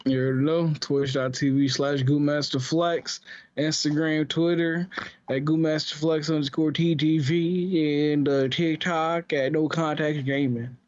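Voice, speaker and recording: A man doing a slow cowboy drawl. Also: on the high side, steady tone, a little mellow, natural voice. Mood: laid-back. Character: drawling male Western cowboy. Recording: dull lo-fi sound.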